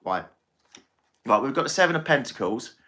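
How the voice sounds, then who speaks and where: Male tarot reader on a live stream; bright tone, chatty and soothing, says things twice. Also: medium pitch, lively intonation, normal speed. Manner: chatty, reassuring, repeats himself.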